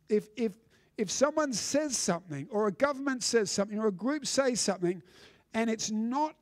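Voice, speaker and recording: Male pastor, sermon, high voice, emphatic, dry close sound. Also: a little mellow, no room sound. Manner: emphatic preaching with repeated restarts. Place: church.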